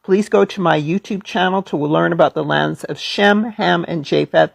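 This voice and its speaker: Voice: mid-range voice, moderate pace, vocal fry, dry recording. A speaker politely but firmly correcting someone and pointing to their own channel. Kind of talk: comment to a viewer.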